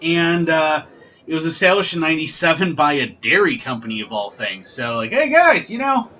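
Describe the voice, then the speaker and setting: A man's voice: fairly high pitch, fairly even intonation, a little fast, bright, forceful tone, dull audio. A man hosting a casual whiskey tasting vlog, chatty and joking with lots of ums and asides. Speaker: whiskey reviewer, channel host.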